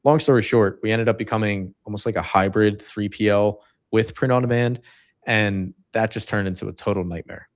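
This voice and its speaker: A man co-hosts a livestream in easygoing chat, his voice sitting on the low side. He tells his story in a loose, rambling way, leaning on likes and uhs. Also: fairly even intonation, normal speed. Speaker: livestream co-host.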